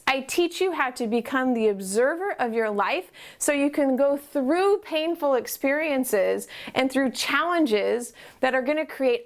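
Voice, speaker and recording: A woman speaking as a life coach, with a bright, high voice. She is encouraging and upbeat, and talks straight to the viewer, often asking them questions. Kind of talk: motivational promo talk to camera.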